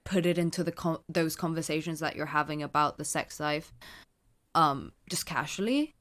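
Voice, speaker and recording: Woman, low voice, podcast co-host, relaxed filler-heavy chat. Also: normal speed. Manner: relaxed, filler-heavy, says "like" and "sort of" often. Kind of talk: casual chat.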